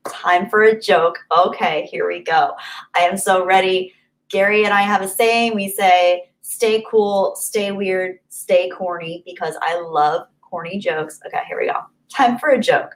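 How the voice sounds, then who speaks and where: A young woman hosts her live stream in a relaxed, chatty way, laughing easily as she reacts to viewers. Her voice sits at an ordinary middle pitch, and her talk rambles freely with little polish. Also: measured pace, low-quality recording. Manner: chatty, giggly, off-the-cuff. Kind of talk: casual live-stream chat.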